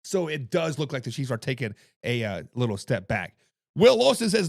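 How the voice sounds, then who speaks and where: A man hosting a casual live-streamed sports talk show, hoarse from coaching, chatting with viewers in the chat. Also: medium pitch, very animated, moderate pace, dry recording, clean studio sound. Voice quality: gravelly. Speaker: podcast host.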